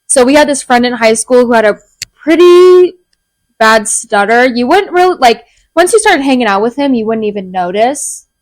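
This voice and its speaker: A woman's voice: a little high, lively intonation, normal speed. A young woman co-hosting a podcast, chatting casually, poking fun at herself and laughing easily. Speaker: podcast co-host. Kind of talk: casual chat.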